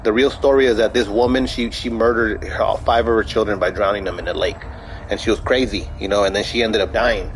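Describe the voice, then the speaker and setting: A man's voice: on the low side, fairly even intonation, a little fast, slight background noise, rough recording. A young man chatting casually over gameplay, telling a story in a rambling, profane way with many restarts. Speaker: gaming streamer.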